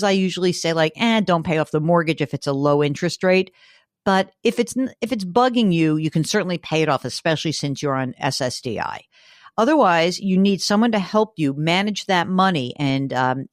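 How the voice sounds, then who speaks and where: Woman podcast host, chatty and excited, bouncy voice, dry close sound. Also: fairly low pitch, dry recording. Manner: animated, enthusiastic, talks in quick asides. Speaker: podcast host giving money advice. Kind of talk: casual podcast chat.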